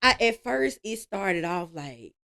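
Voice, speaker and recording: A woman, telling stories with lively energy and easy laughs as a guest in a casual interview. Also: mid-range voice, takes it slowly, vocal fry. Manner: lively storytelling, laughs easily.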